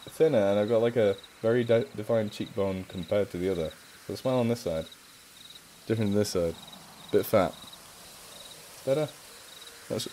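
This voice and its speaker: A man's voice: medium pitch, mellow, a little hiss or hum. A young English man chatting casually on a charity live stream, rambling and self-mocking. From England.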